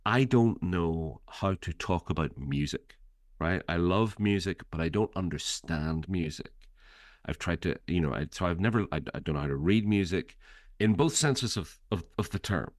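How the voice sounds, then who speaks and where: A man with a very low, deep voice speaking in a reflective, hesitant way, often restarting his sentences and laughing easily. He talks films in casual chat. The sound is close and dry. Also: expressive, normal speed, no room sound. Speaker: podcast co-host and author.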